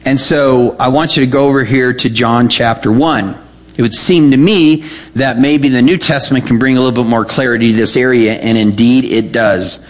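A man preaching as a pastor, teaching verse by verse, emphatic and full of questions to the audience. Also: moderate pace. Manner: emphatic, rises in pitch when reading scripture aloud; repeats words and asks the audience questions. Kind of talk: expository Bible teaching.

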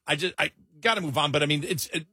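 Lively sarcastic guy cohosting, bright husky voice, dry close sound. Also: a little high, fast, dry recording. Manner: animated, laughing, sarcastic, stumbles into restarts. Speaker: talk show co-host. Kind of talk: casual chat.

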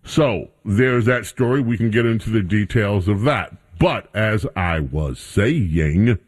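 A man's voice: on the low side, expressive, slow. A man hosting a talk radio show, bantering with his studio crew in a casual commentary style.

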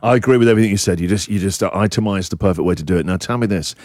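A man's voice: deep voice, very fast, a little mellow, no room sound, studio quality. A man hosting a radio show, chatting with a caller and teasing her with playful questions. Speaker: radio host. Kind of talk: casual chat on radio.

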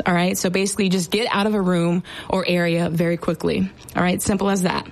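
A woman's voice: fairly low pitch, level tone, a little fast, creaky, few pauses. A young woman who serves as a sergeant, casually explaining military slang in a chatty, playful way with lots of fillers. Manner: chatty, filler-heavy, playful teasing asides.

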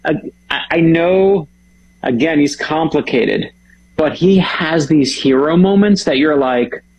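A man's voice: fairly high pitch, takes it slowly, husky, muffled recording. A man, an author and guest, chatting with enthusiasm and telling stories. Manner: enthusiastic storyteller, animated. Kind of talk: casual chat.

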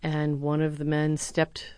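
Low-voiced woman telling stories. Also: measured pace, smooth, no room sound. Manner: earnest, animated when quoting others. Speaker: former presidential speechwriter; university lecturer. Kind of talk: interview answers, storytelling.

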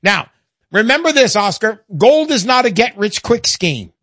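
An older man hosting a call-in radio show, chatty and animated, often stumbling over fillers as he talks. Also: sits high, moderate pace, no room sound, clean studio sound.

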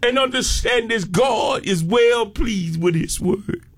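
A male preacher with a strikingly high voice delivers a fervent sermon. He speaks slowly and deliberately, letting each phrase land, then bursts into shouted exclamations. He repeats key phrases with emphatic, drawn-out calls. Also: expressive.

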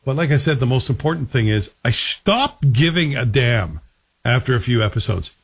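A man's voice: mid-range voice, big pitch swings, normal speed, breathy edge. A man giving a casual spoken TV review in a wry, conversational way, often asking the listener questions.

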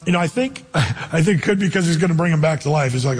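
A male pastor preaching a sermon in a lively, conversational way, with jokey asides. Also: fairly high pitch, quick pace, husky, big-room sound.

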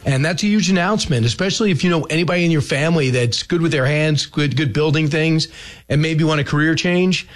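A man's voice: fairly high pitch, quick pace. A man hosting a talk show, giving combative, opinionated political commentary with sarcastic asides. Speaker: radio host.

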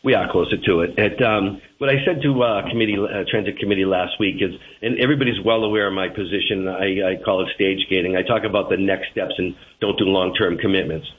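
A man working as a transit general manager, answering interview questions in a measured way with fillers. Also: deep voice. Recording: tinny phone line with faint hiss.

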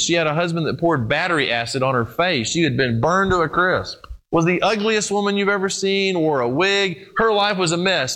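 A man delivers a sermon in a somewhat high voice. He addresses the congregation directly as folks and guys, climbing to emphatic peaks and then sinking to a low, hushed storytelling tone. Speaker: preacher.

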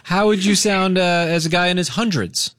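A male radio host in a studio, bantering with a caller in an excitable, enthusiastic way. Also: high voice, moderate pace, noisy background. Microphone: studio microphone.

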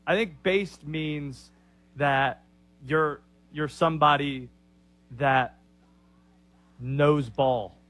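A man on a talk show taking a slang quiz, guessing hesitantly and thinking out loud as he goes. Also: on the high side, extremely slow, pauses often. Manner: hesitant, thinking aloud with restarts. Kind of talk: casual radio show banter.

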